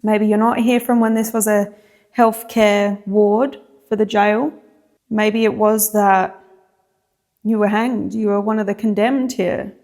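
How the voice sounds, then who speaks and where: Woman with vocal fry in an echoing hall. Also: mid-range voice, steady tone, a little mellow. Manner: slow, coaxing questions to the empty room. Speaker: paranormal investigator and host. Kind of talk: ghost-hunting vlog, calling out to spirits. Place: indoors in an old prison hallway. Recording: echoey hall with long reverb.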